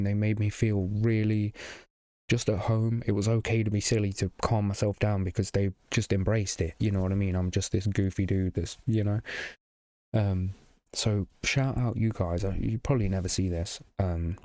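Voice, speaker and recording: A man's voice: lowish voice, flat delivery, normal speed, dark tone, dry recording. A young man telling a rambling story to camera in casual vlog style, swearing freely and full of fillers and restarts. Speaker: vlogger.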